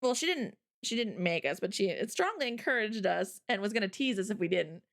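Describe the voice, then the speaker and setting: A woman's voice: medium pitch, big pitch swings, brisk, gravelly. A woman hosting a casual chat, telling stories in a bubbly, giggly way. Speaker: host.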